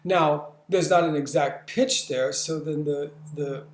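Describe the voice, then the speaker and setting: A man teaching a lesson, explaining and acting out sounds and movements with frequent stammering restarts and animated emphasis. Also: fairly high pitch, unhurried, reverberant. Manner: demonstrative, acts out sounds and movements. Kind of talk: instructional lesson.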